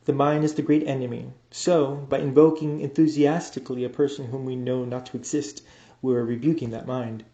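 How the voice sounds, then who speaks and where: A man reading an esoteric book aloud as an audiobook, measured and deliberate, now and then stumbling and restarting a word. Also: medium pitch, steady tone, warm tone, lo-fi sound. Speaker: audiobook reader. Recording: roomy, echoey room sound.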